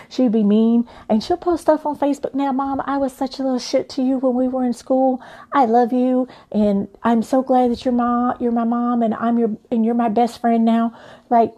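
A woman's voice: fairly high pitch, dark tone. A middle-aged woman, a mother telling her own story in a candid, emphatic way, often repeating her points. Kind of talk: personal talk.

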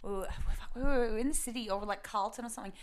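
Relaxed Australian woman chatting. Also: on the high side, quick pace, a little hiss or hum. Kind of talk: casual chat.

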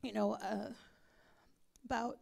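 A woman's voice: medium pitch, gravelly, darkish tone. A woman pastor preaching a sermon and leading prayer with fervent feeling, dropping now and then into whispered pleas. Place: church.

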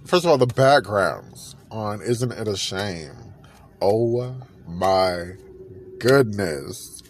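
A man hosting a podcast, chatting in a gushing, animated way and repeating himself often. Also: on the low side. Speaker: podcast host. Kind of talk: casual music gossip chat.

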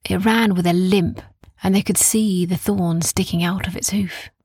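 A woman reads a bedtime story slowly and soothingly, often dropping to a whisper. Her voice is very husky and gravelly, a little low in pitch. The recording is dry and close, with no room around it. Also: dry recording. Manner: slow, calm, gentle, repeating soothing phrases. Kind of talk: soft bedtime story narration, partly whispered.

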